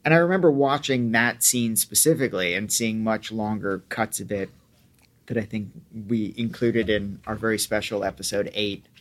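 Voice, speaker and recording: A man's voice: fairly low pitch, normal speed. A man hosting a podcast, reflecting frankly on a past show in a conversational way. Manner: reflective, frank, occasional swearing. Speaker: podcast host. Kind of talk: conversational commentary.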